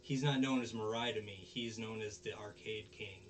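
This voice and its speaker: A man's voice: fairly low pitch, fairly even intonation, moderate pace. A man hosting a podcast, casually recapping an anime episode with lots of fillers and restarts. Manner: rambling, many fillers and restarts. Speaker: podcast host.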